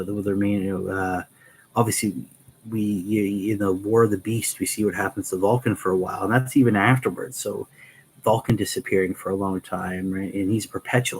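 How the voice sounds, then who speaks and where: A man's voice: fairly low pitch, a little hiss or hum, poor audio. A man hosting a Q&A, casually rambling through stories with many restarts. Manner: rambling, full of fillers and restarts. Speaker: host of a Q&A channel.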